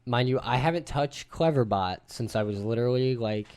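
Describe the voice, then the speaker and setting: A man in his thirties hosts a laid-back group podcast, his voice medium in pitch, clear and resonant. He tells stories with animated energy at a normal speed, tossing in casual swearing as he goes.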